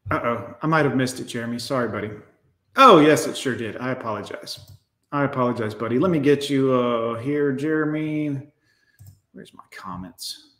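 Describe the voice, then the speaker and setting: In an echoey room, a man with a mid-range, fairly bright voice talks at a moderate pace. He's a livestream host delivering profane, emphatic rants, cursing frequently and speaking straight to the people watching.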